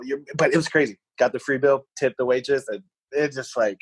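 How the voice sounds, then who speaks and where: Husky-voiced man telling a story. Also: mid-range voice, brisk, no room sound, rough recording. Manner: rambling, repeats words, animated storytelling. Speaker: podcast co-host. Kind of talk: casual chat.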